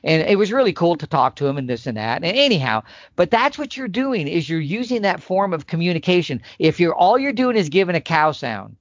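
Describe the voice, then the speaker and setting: A man explaining elk calling tactics in casual podcast talk, emphatic and animated, sometimes acting out the calls. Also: on the high side, fairly quick, no echo, muffled recording. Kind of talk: instructional podcast chat.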